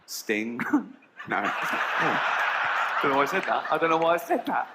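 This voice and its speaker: A man's voice: on the high side, expressive, normal speed, reverberant, heavy background noise. An Englishman doing stand-up comedy, telling blunt, sweary stories and giggling at his own lines. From England.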